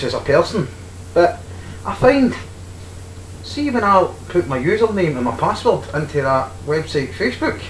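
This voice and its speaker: Man ranting crudely in a roomy space. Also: sits high. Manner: crude, mock-ranting, animated banter. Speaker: podcast guest. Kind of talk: casual comedic podcast chat. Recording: roomy echo, faint background hiss.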